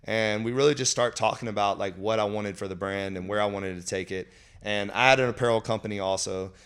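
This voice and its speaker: A founder recounts his business journey in a relaxed interview chat. His voice sits low and sounds smooth and clean. He rambles, piling up fillers as he goes. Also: a little fast. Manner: rambling, full of "like" and "you know" fillers. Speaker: beverage company founder telling his story. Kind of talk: casual conversational storytelling.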